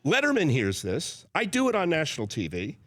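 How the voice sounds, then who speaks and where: A man in his sixties, a guest on a sports radio show, telling animated stories and slipping into impressions. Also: a little high, fairly quick, a little hiss or hum. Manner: animated storyteller who slips into impressions. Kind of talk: casual studio radio chat.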